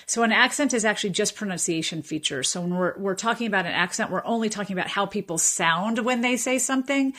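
A woman professor of linguistics explaining speech differences in a radio interview, measured and thoughtful with frequent fillers and restarts. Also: medium pitch, a bit bright.

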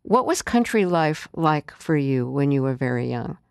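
A radio-style interview host who delivers a measured, informative introduction and then asks the guest questions. The voice is smooth and resonant. It is recorded close and dry, with no room sound. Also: medium pitch, sing-song, a little mellow, no echo.

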